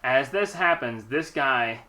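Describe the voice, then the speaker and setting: A man running a tabletop game as game master, animated and often laughing as he narrates the monsters. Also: medium pitch, slow, very noisy.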